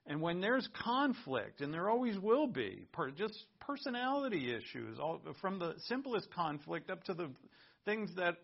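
A man's voice: high-pitched, big pitch swings, moderate pace, vocal fry. A man preaching a sermon, reading scripture aloud and explaining it in an earnest teaching tone. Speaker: pastor. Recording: muffled lo-fi recording.

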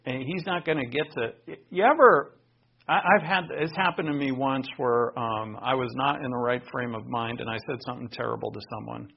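Male preacher, earnest and conversational, husky, gravelly edge. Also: medium pitch, moderate pace, dull audio. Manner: earnest, conversational storytelling with personal asides. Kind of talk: sermon.

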